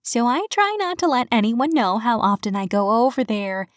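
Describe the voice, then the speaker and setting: A woman's voice: a little high, big pitch swings, normal speed, no room sound, clean studio sound. A woman voicing a giggly, chatty young receptionist. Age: 20s. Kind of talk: audiobook character voice.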